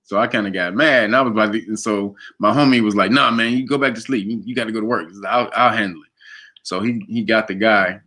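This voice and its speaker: A man in casual conversation, telling a long story with lots of laughter and animated quoted voices. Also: quick pace. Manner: animated, laughs often, jumps to high pitch for quoted voices. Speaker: guest.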